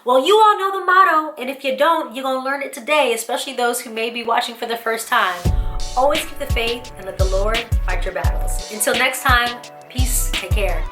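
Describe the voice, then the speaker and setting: Brief: earnest woman vlog host, higher voice, roomy echo. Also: moderate pace, fairly bright tone, faint music behind. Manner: earnest, upbeat, uses Southern-US slang like y'all. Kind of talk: casual faith-based encouragement talk. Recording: echoey room.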